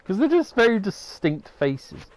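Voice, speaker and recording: A man's voice: high-pitched, big pitch swings, measured pace. A man giving rambling, casual commentary while playing a game, swearing now and then. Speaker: gamer.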